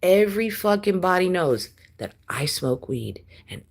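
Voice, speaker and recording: A woman, ranting profanely and taunting someone on a livestream, swinging between loud and soft. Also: lowish voice, very animated, measured pace, vocal fry. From Texas. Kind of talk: angry livestream rant.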